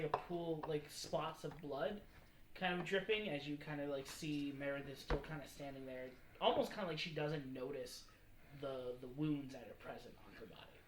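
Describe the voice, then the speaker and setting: A woman narrating as game master with rambling, filler-heavy descriptions. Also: low-pitched. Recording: echoey room with background noise.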